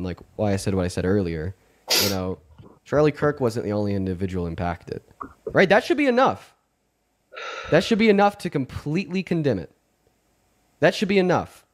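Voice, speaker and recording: A man hosting a livestream, earnest and repetitive, often restarting his words. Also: mid-range voice. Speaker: livestream host. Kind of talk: livestream commentary.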